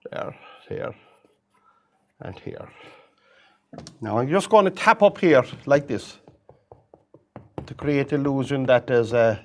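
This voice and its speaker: A man demonstrating a painting, chatting gently and coaxing the paint along as he works. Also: medium pitch, gravelly. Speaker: painting instructor.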